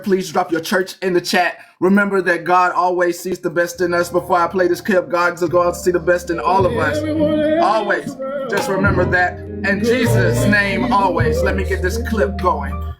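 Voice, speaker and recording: A man's voice: sits high, little pitch movement, a little fast, music in the background. A man acting as a pastor, politely greeting his congregation and giving blessings during an online mock trial. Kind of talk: preacherly greeting on a livestream.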